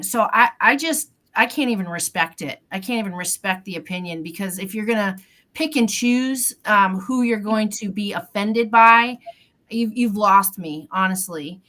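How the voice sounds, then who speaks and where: A woman co-hosting a talk panel, making pointed arguments in a measured way with frequent fillers. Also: mid-range voice, sharp tone. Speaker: co-host of a local talk show. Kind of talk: opinionated panel discussion.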